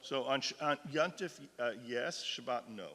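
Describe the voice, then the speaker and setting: A man's voice: mid-range voice, normal speed, bright, forceful tone. A man, a cantor teaching an adult class, speaking earnestly at a fixed microphone and reading aloud with rising intensity. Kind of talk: lecture with dramatic reading aloud. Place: synagogue hall. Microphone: fixed microphone he cannot leave. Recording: long hall reverb.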